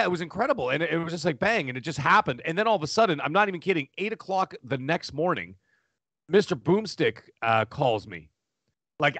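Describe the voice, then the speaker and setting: A middle-aged man, a podcast guest, telling his story in a loud, animated, casual way with many restarts. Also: medium pitch, dry recording. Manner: animated, talks loudly with many restarts and laughs. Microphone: studio microphone.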